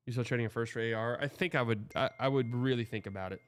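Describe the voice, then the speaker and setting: Young texas dude hosting, just yapping casually, mid-pitched, dead dry room. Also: male voice, fast, clear, resonant tone, no echo. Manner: rambling, loose, chatty with filler words. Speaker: host reading viewer comments. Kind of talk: casual livestream chat.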